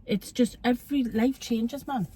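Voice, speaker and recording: A woman's voice: on the high side, steady tone, unhurried, dark tone, slightly rough. A woman in her fifties with a Geordie accent, chatting casually and teasing her daughter in a blunt, jokey way. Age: 50s. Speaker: guest, host's mother. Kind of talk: casual chat.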